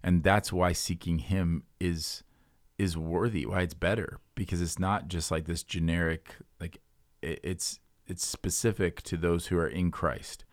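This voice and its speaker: A man's voice: sits low, steady tone, a little slow, no room sound, clean studio sound. A man co-hosting a podcast, speaking earnestly about faith and searching for his words with many fillers. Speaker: podcast co-host. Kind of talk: casual Bible discussion.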